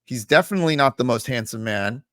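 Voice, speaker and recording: A man's voice: medium pitch, expressive, fast, fairly bright tone, dry recording, studio quality. A man ranting bluntly and profanely to camera as a crypto video host, mocking other creators. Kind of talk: casual ranting commentary to camera.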